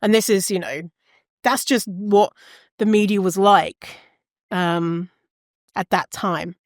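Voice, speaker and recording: A woman's voice: mid-range voice, fairly even intonation, slow, no echo, studio quality. A woman hosting a podcast, describing an advert in frank, sarcastic, casual commentary. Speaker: podcast host.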